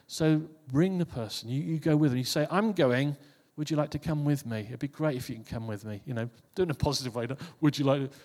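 A man's voice: medium pitch, fast, hardly any pauses, darkish tone. A man giving an informal sermon to a congregation, talking in a conversational way that repeats and restarts phrases. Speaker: preacher. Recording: long hall reverb.

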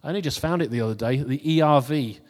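Man, preacher, casual sermon, chatty and relaxed, mid pitch, long reverb. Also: fast. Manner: relaxed, chatty, laughs at his own jokes. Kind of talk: casual New Year sermon.

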